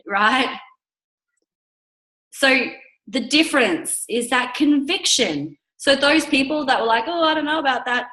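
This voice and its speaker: A woman's voice: on the high side, fairly bright tone, roomy sound, poor audio. A woman leading a team coaching call, upbeat and chatty, with lots of "okay?" check-ins. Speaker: network marketing team leader.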